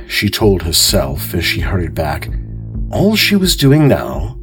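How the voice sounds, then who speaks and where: A man hosting and narrating a calm mystery story in a measured, expressive way. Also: sits low, soft background music. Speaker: host and narrator.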